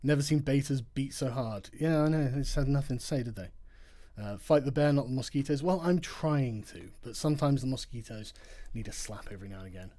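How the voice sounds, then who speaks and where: A man's voice: medium pitch, brisk, warm tone. A man hosting a late-night livestream, tired, reading out chat messages, laughing often and swearing in a mocking tone. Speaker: livestream host. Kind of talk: casual livestream chat reading super chats.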